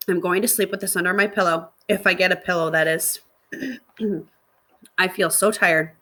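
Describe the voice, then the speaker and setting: A woman, a middle school teacher, reading a novel aloud to her students in a steady narrating voice. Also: lowish voice.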